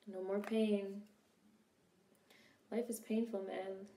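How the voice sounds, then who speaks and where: A woman's voice: medium pitch, flat delivery, slow pace, warm tone, roomy sound. A young woman casually commenting on a film during a live stream, swearing freely and answering her chat. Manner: chatty, swearing, reads and answers viewer chat.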